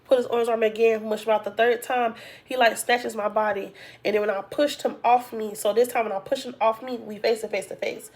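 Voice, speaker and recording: A woman's voice: a little high, fairly quick. Chatty woman telling a story. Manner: animated, acts out quoted dialogue, heavy use of "like"; colloquial, addresses viewers as "y'all". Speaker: storytime vlogger. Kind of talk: casual storytelling to viewers.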